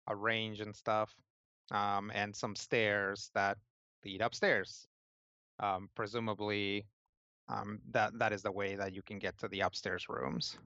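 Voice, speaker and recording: A man running a tabletop game, narrating scenes casually with lots of fillers. His voice is bright and crisp, and the dry recording sounds slightly muffled. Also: lowish voice, little pitch movement, slow, no echo. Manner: rambling, full of fillers. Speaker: game master.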